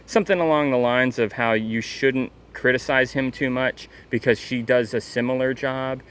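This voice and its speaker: A man's voice: mid-range voice, fairly even intonation, normal speed, fairly bright tone, clean tone. Angry profane man ranting. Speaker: commentator. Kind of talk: casual rant.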